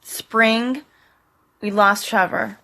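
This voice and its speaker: A middle-aged woman speaks slowly in halting fragments, her voice bright and a touch high. She sounds tearful yet defiant as she pleads with her audience in a direct-to-camera vlog. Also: steady tone, slight background noise. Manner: slow, halting delivery with short fragments. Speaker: vlogger. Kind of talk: emotional direct-to-camera monologue.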